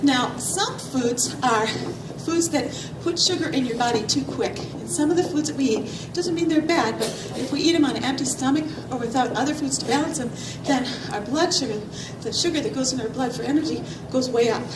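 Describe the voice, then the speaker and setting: High-voiced, breathless woman trainer in a hall. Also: a little fast, few pauses. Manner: upbeat, coaxing, asks lots of questions. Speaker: physical trainer. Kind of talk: health talk to kids and families. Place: large hall with an audience. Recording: roomy echo, far from mic, loud crowd noise.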